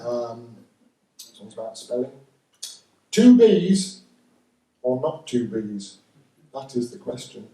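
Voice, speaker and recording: Dry Northern English stand-up comic. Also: male voice, mid-range voice, very animated, slow, long pauses, mellow. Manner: dry, wry delivery. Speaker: stand-up comedian. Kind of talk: stand-up comedy set. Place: live comedy venue with audience. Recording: roomy live recording from a distance.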